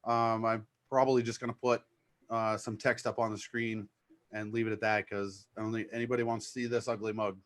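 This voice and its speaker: A man with a New England accent, a DJ chatting casually and excitedly about his show, rambling with fillers. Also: lowish voice, brisk. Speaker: DJ promoting his live mix show. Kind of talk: casual chat.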